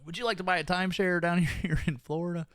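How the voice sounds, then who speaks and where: A man's voice: fairly even intonation, fairly bright tone, dry recording, clean studio sound. A man doing a pushy timeshare salesman. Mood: salesy. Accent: Southern US twang. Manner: fast sales pitch.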